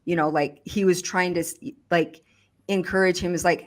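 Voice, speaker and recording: A woman recounting a personal experience in conversation, speaking haltingly with frequent restarts and fillers. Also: fairly low pitch, steady tone. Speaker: survivor giving testimony.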